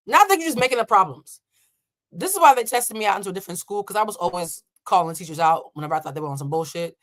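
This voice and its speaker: A woman in her thirties who works as an emotional intelligence coach tells a story with reaction commentary, animated, blunt and profane, acting out the voices of the people involved. She speaks quickly in a fairly high pitch.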